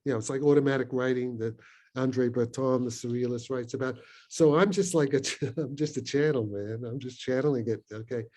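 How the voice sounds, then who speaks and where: An older man in his eighties from Brooklyn, his voice mellow and soft-edged, spins a long story on a video call. He rambles and digresses, piles up fillers and restarts, and chuckles between his points. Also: mid-range voice, a little fast. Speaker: panel guest, physicist.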